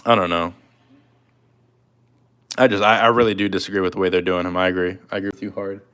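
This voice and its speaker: A man's voice: low-pitched, level tone, fast talker, a bit bright, clean tone. A man chatting casually on a live stream, loose and talkative, answering comments while he works. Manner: loose and chatty, talking to chat while drawing.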